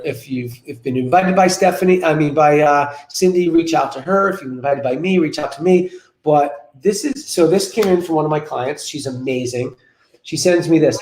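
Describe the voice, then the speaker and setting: A lively man in his forties tells an anecdote as a guest on a web show, sitting in his office. He repeats key phrases for emphasis, and his voice sits a touch high. The video-call audio picks up a roomy echo off the office walls. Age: 40s. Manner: energetic, repetitive, storytelling. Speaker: guest business coach.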